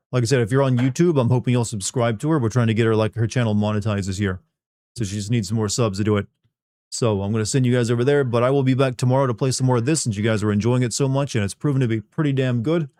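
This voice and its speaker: A man's voice: medium pitch, dark tone, no echo. Sarcastic, rambling male streamer. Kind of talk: casual gaming commentary. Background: game sounds.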